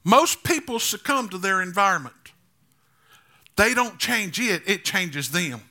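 His sermon climbs toward emphatic statements as the pastor leans on repeated rhetorical phrases. The high voice sounds expressive, pushed and bright, in an unhurried delivery.

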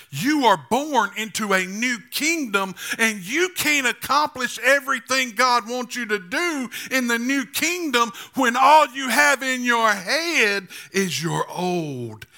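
High gravelly preaching man. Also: animated, a little slow, few pauses, sharp tone. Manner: preaching with rising emphatic build-ups; repetitive rhetorical phrasing. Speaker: pastor. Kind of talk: sermon.

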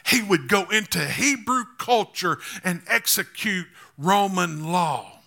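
Delivering a sermon, this pastor escalates into forceful, repeated declarations and rhetorical refrains. He speaks slowly and expressively in a high-pitched, creaky voice with a sharp tone.

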